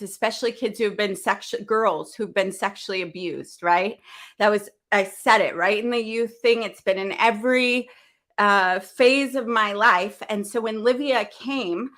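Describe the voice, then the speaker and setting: A woman's voice: mid-range voice, a little slow, a bit bright. Earnest, heartfelt woman hosting a livestream. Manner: earnest, heartfelt, faith-filled, rambling with restarts. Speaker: event host. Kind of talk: emotional livestream talk.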